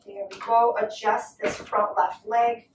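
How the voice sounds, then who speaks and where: Female yoga instructor, gentle encouraging cues, slightly high voice, recorded at a distance in an echoey home room. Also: level tone, slow pace, background noise. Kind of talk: guided yoga class with a toddler.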